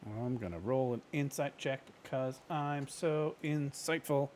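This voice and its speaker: A man's voice: mid-range voice, a little slow, hardly any pauses, darkish tone, slight background noise. A man playing a tabletop game, joking around in a playful way. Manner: playful, jokey. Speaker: player.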